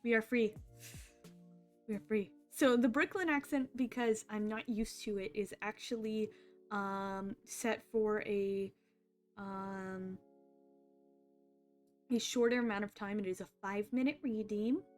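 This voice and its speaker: A woman's voice: mid-range voice, steady tone, measured pace, long pauses, faint music behind. A woman hosting a live stream, chatting casually in a rambling, laughing way. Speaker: streamer host.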